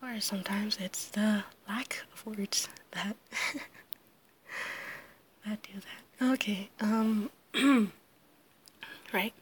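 A woman with a sick, hoarse, half-whispered voice talks haltingly in a casual solo recording, apologizing often and laughing nervously as she answers a questionnaire. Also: mid-range voice, fairly even intonation. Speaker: audio creator answering a questionnaire.

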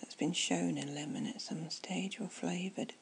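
A woman doing a whispered ASMR chat, soft and rambling as she muses aloud. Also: lowish voice, steady tone, unhurried, vocal fry, slight background noise, poor audio.

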